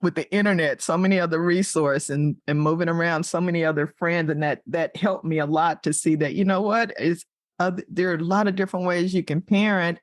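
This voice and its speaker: Male host, higher voice, reflective and affirming, dry close sound. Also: no echo. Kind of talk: conversational interview.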